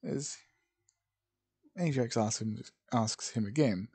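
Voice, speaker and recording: A man's voice: medium pitch, animated, slow, pauses often, dark tone. A man improvising a fan-fiction story aloud, rambling and correcting himself as he goes. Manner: rambling, self-correcting, hesitant.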